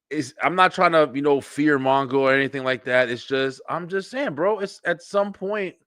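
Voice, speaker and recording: A man hosting a webshow, talking in a rambling, profane, animated livestream monologue with lots of fillers and repeats. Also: medium pitch, dry recording, clean studio sound. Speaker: webshow host.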